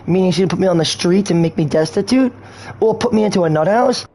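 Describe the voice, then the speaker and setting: A man's voice: high voice, quick pace, darkish tone. A man streaming a game, talking in a slangy, rambling and erratic way. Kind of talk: rambling casual stream talk.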